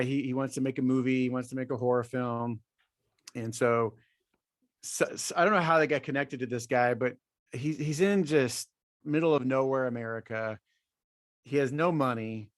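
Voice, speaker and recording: A man in his forties co-hosting a podcast in casual chat, halting and often repeating his words. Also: mid-range voice, no room sound, studio quality. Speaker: podcast co-host.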